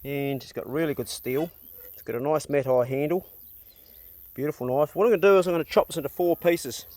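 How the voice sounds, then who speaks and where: A middle-aged New Zealand man with a Kiwi accent films his farm chores outdoors on a handheld phone, talking in a laid-back, chatty, blunt, joking way as a vlogger. His voice sits on the high side and is a little mellow, and he speaks a little fast. The recording is dry, with no echo.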